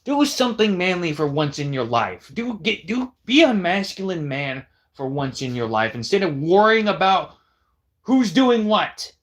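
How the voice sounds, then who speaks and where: Brief: raised-pitch male streamer, combative profane callout rant. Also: sing-song, measured pace. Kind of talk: heated ranting callout.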